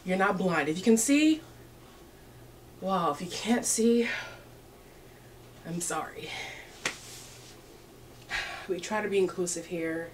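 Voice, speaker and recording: A woman's voice: fairly low pitch, slow pace, long pauses, a little hiss or hum. A young woman hosting a casual clothing try-on haul, sassy and playful, laughing often as she talks to her viewers. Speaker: fashion vlogger.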